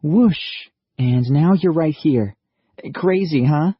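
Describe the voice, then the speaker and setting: A gentle young American woman, played by a male narrator, speaks softly and coaxingly, in a motherly, soothing way. Her voice sits well above the narrator's own. The sound is dry and slightly lo-fi. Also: on the high side, slow, slightly rough, no echo, voice pushed up. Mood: friendly.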